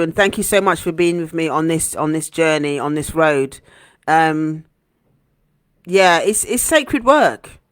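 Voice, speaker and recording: A woman hosting a heartfelt motivational live stream as a coach, earnest and gentle, repeating phrases for emphasis. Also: fairly low pitch, dry recording, clean studio sound. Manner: gentle, encouraging.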